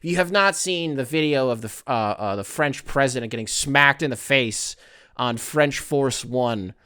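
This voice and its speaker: A man's voice: mid-range voice, moderate pace, pushed and bright, clean tone, dry recording, clean studio sound. A man hosting his own podcast, talking alone in a rambling, profane, tongue-in-cheek way. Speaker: podcast host. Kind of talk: casual solo commentary.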